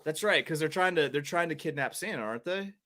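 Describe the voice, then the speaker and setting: A man co-hosting a casual podcast chat. He talks excitably, with stammered restarts and emphatic agreement. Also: fairly high pitch, fast, no room sound, studio quality. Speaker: podcast co-host.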